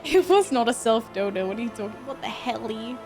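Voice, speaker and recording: A woman's voice: a little high, a little fast. A woman livestreaming a game, chatting casually with viewers, thanking tippers and reacting expressively. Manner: expressive, often laughing. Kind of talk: casual live-stream chat with viewers. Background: in-game music.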